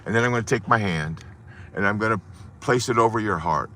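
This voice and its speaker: A man's voice: fairly low pitch, brisk, a little hiss or hum. A man in his fifties or sixties, telling a parable in a dramatic, sermon-like way. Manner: animated, dramatic storytelling with hushed moments. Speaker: host giving an inspirational talk. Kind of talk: sermon-style storytelling.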